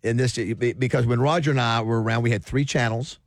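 A man hosting a morning radio show, chatty and halting, often repeating his words. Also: mid-range voice, fairly even intonation, dry recording, studio quality. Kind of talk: casual on-air chat.

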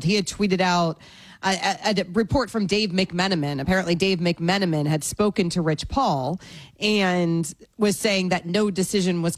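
A woman co-hosting a sports talk radio show while sick, with a hoarse, raspy voice and a wry, animated delivery. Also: on the low side, no echo. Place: radio studio.

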